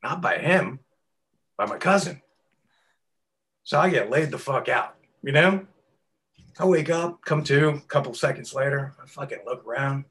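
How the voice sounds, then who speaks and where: Middle-aged new guy, tattoo artist, swears a lot, tells stories big and loud. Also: mid-range voice, a little slow, long pauses. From New York. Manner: animated, profane storyteller who acts out quotes loudly. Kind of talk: casual storytelling interview.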